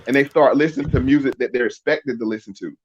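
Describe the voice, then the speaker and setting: A man's voice: mid-range voice, fast talker, a little hiss or hum. A middle-aged man in a casual podcast conversation, explaining emphatically and often asking rhetorical questions. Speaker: podcast guest. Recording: dull lo-fi sound.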